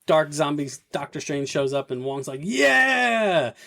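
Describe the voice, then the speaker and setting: Male podcast co-host, chatty scene-by-scene film recap with quoted lines, medium pitch. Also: level tone, moderate pace. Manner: retells scenes acting out the characters' lines. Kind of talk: casual movie recap chat.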